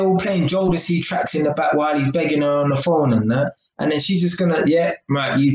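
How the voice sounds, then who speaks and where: A man's voice: on the high side, fairly even intonation, fairly quick, hardly any pauses, darkish tone, roomy sound, dull audio, a little hiss or hum. A man giving a casual live-stream talk to his viewers, chatty and full of tag questions. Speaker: vlogger.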